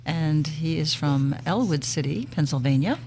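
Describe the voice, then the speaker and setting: A woman co-hosting a talk show, gently reading out listener questions. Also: deep voice, lively intonation, normal speed, slight background noise.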